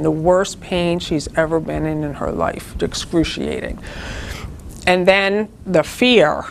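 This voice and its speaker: A woman's voice: on the low side, a little hiss or hum. A woman leading a spiritual group, giving an earnest, informal talk that teaches through personal stories.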